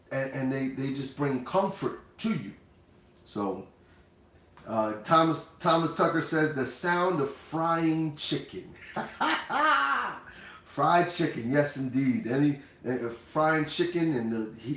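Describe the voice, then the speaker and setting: Man talking to viewers in an echoey room. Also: on the high side. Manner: conversational, addresses viewers directly. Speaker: cooking show host. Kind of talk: casual livestream talk.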